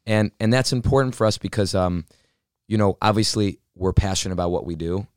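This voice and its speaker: A man co-hosting a casual fitness chat, earnest and measured, summing up his partner's points with many fillers. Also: on the low side, a little mellow, clear, resonant tone, no room sound, studio quality.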